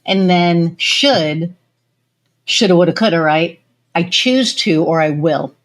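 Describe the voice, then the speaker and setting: A woman's voice: lowish voice, takes it slowly. A woman hosting a podcast interview, chatting casually and giving her guest plenty of affirmation. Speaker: podcast host.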